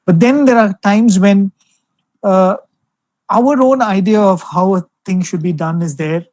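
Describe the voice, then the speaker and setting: A young man gives a devotional talk over a video call, telling stories gently with lots of "you know" fillers. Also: high-pitched, unhurried, dry recording, low-quality recording. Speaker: spiritual speaker addressing alumni.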